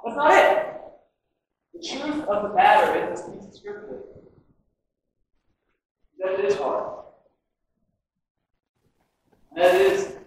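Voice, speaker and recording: A man with a high voice preaches a sermon, swinging between loud, emphatic lines and hushed asides. He sounds a step back from the mic in a big, echoing church hall, with faint room noise behind him. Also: distant mic. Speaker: pastor. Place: church auditorium.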